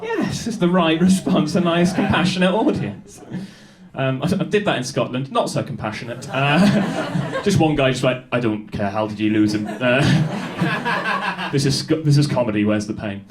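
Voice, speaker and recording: Young man, stand-up comedian, lively high voice, live audience laughter. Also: a little slow. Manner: high-energy, chatty crowd work with frequent laughs. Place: small comedy club stage. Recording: live club recording with audience. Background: audience laughing and applauding.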